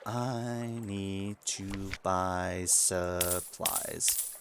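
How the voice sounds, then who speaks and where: Low, gravelly man playing a game. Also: expressive, measured pace, pauses often, background noise. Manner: muses aloud, reads game text to himself. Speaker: let's play streamer. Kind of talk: casual game commentary.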